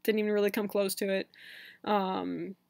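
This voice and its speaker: A man's voice: sits high, little pitch movement, normal speed, vocal fry, a little mellow, no echo. A young man telling a story on his vlog in a casual, chatty way, full of fillers and laughs. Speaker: vlogger.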